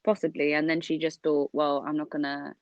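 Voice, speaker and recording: Young woman co-host, lower voice, lively storyteller, dry recording. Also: a little fast, no room sound, muffled recording. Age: young adult. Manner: animated storyteller, laughs often. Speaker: podcast co-host. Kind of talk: casual storytelling chat.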